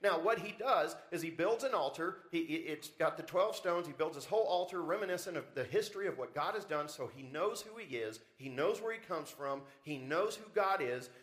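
A man's voice: a little high, lively intonation, a little fast, hardly any pauses, a bit bright. A man preaching a sermon as pastor, with rising emphasis and frequent rhetorical questions to the congregation. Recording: church service audio recording.

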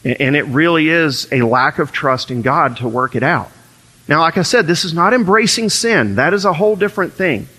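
A man's voice: fairly high pitch, lively intonation, normal speed, bright, forceful tone, in a large hall. A man preaching a sermon, reading scripture and acting out little dialogues as he explains it. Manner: earnest preaching, quotes scripture and acts out dialogue. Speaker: pastor.

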